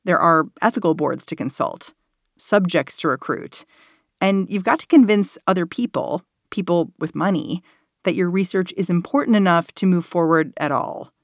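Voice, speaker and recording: A woman hosting a news podcast, narrating in a measured, conversational way and asking interview questions. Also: on the low side, no room sound, clean studio sound. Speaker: podcast host.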